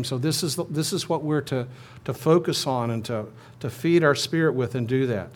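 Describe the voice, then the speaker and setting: A man's voice: medium pitch, normal speed. A man preaching a sermon in a conversational manner, often restarting his phrases and leading his listeners in a responsive reading. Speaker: pastor.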